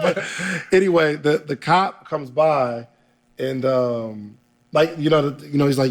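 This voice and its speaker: A young man telling a story in a casual interview, animated and laughing often as he acts out what people said. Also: a little high, measured pace, a little hiss or hum. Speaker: podcaster guest.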